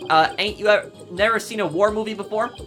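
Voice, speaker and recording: A woman's voice: medium pitch, quick pace, over music, pitched above the performer's own voice, natural voice. A woman voicing a boy who plays a blustering drill sergeant through a drone, barking orders in a bossy military drawl.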